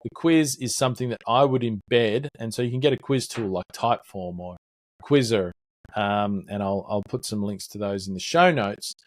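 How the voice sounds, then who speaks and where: A man's voice: on the low side, normal speed, no room sound, clean studio sound. A man hosting a podcast, talking through a website in a loose, conversational way with lots of fillers and little acted-out sales exchanges. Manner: conversational, filler-heavy, acts out salesperson dialogue. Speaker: podcast host. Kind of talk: casual business podcast teardown.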